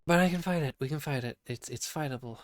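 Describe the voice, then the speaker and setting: Croaky sick man rambling, dry sound. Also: fairly high pitch, quick pace, no room sound. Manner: rambling, profane, self-interrupting. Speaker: podcast host. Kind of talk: rambling casual monologue.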